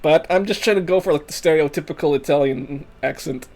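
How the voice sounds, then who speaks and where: Young man, game streamer, chatty, rambling, slightly high voice. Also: brisk, gravelly, darkish tone. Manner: chatty, rambling, restarts, answers chat. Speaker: gaming channel host. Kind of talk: casual game stream commentary.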